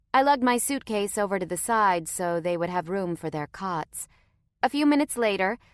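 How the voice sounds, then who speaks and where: A woman's voice: mid-range voice, clean tone, no room sound. A woman narrating a story in the first person with a wry, conversational tone, recorded close to the microphone.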